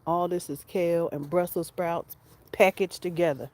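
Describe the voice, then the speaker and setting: A woman gives an excited, chatty tour of her garden outdoors. She keeps repeating herself and calls out to her viewers as y'all. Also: on the low side, normal speed. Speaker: homestead vlogger.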